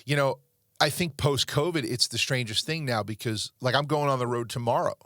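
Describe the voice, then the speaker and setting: A man's voice: mid-range voice, fairly quick, a bit bright, no echo, studio quality. Rambling, earnest middle-aged man host. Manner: rambling, earnest storytelling with many restarts. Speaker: podcast host. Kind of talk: casual podcast chat.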